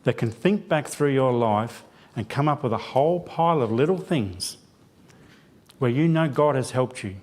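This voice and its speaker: A man's voice: medium pitch, lively intonation, normal speed, a little mellow. A man giving a church sermon as a lay preacher, telling a self-deprecating personal story with quoted dialogue. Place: church sanctuary.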